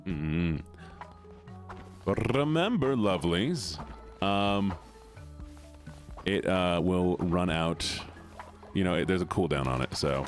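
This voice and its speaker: A man's voice: low-pitched, expressive, slow pace, pauses often, soft background music. A man streaming a video game, chatting casually with his viewers in a rambling, talkative way. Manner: chatty, talks to chat, rambling asides.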